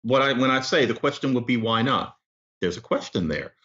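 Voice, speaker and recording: A man who is an author and linguist, explaining things in an animated, storytelling way as a podcast guest. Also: mid-range voice, fast talker, lo-fi sound. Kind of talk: explanatory interview talk.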